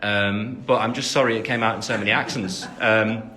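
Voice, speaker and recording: A fairly low, steady voice at normal speed, bright and forceful in tone, belongs to an English man in his twenties livestreaming from his phone. Answering fans, he rambles with plenty of fillers and pokes fun at himself.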